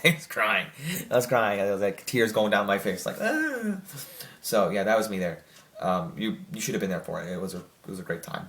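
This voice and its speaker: A young man with a fairly low voice talks through a movie review in a loose, rambling way. He keeps circling back with fillers and restarts. The room around him is bare and echoey. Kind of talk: casual spoken review.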